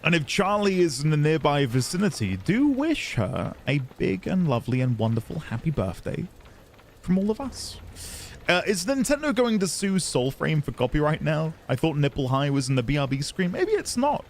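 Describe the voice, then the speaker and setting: A man's voice: on the high side, big pitch swings, moderate pace, a little hiss or hum. A man streaming a game, chatting casually while reading and greeting his viewers. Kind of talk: casual live-stream chat.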